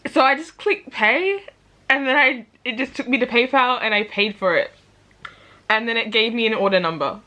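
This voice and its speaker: A woman telling stories in a casual reading vlog, chatty and animated, acting out what people said and laughing often. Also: on the high side, normal speed. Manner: chatty storytelling, acts out quotes, laughs often. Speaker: book vlogger.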